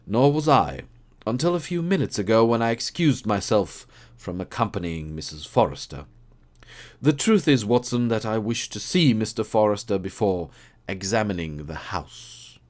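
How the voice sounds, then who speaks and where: A man's voice: fairly low pitch, lively intonation, moderate pace, pitched above the performer's own voice, lightly acted. A man reading an audiobook, voicing a keen, precise male detective who explains his deductions. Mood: brisk. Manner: crisp, assured, explaining.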